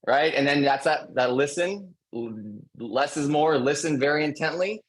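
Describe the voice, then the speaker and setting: A man who is a real estate agent, presenting call scripts on a panel webinar in an energetic coaching manner, repeating his key points. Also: on the high side, normal speed, few pauses, low-quality recording.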